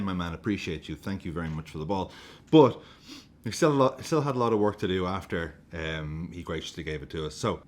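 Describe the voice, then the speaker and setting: A man with a low voice reacts to a football match with giddy excitement, swearing freely and laughing as he goes. He talks casually, like a fan ranting to his camera. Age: adult with a young daughter.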